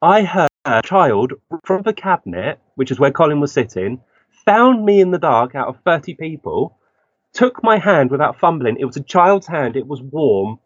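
A man's voice: fairly high pitch, normal speed, breathy edge, no echo. Man telling a story, lo-fi sound. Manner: lively storyteller, acts out quoted lines. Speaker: guest medium. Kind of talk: personal storytelling. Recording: dull lo-fi dry recording.

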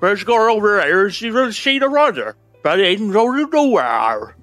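A man's voice: high voice, big pitch swings, moderate pace, fairly bright tone, no room sound, faint music behind, voice pushed up. A man impersonating his old great uncle, a mumbling rural farmer with a thick Gloucestershire accent.

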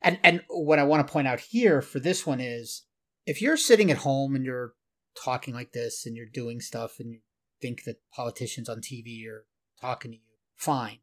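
A man's voice: medium pitch, normal speed, fairly bright tone. A man co-hosting a podcast, retelling a video clip in detail and explaining, sometimes laughing at himself. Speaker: podcast co-host. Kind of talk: casual podcast discussion.

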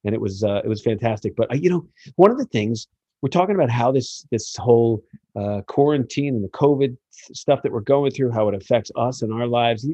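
A middle-aged man from the United States hosting a casual podcast, telling stories in an animated, joking way with plenty of fillers. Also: medium pitch, brisk, slightly rough, dry recording, lo-fi sound. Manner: animated storyteller, jokey, many fillers. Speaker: podcast host.

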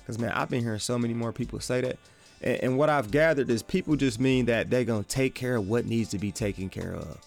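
A man with a Midwestern accent hosting a casual faith podcast, talking excitably in slang and repeating his phrases. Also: mid-range voice, brisk, vocal fry, soft background music. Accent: Midwestern American. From American Midwest. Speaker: podcast host.

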